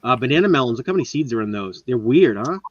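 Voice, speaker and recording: Guy hosting a live stream, excited and rambly, dry dull lo-fi sound. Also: medium pitch, fast talker, dry recording. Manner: enthusiastic, rambling show-and-tell. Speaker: host. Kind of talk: casual live-stream chat.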